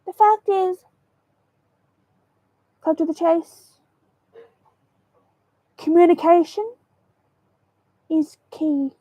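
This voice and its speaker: Woman vlogger, high voice, drawn-out dramatic delivery, dull lo-fi camera audio. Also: no echo. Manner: slow, theatrical, emphatic delivery. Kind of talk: dramatic motivational monologue to camera. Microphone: camera mic.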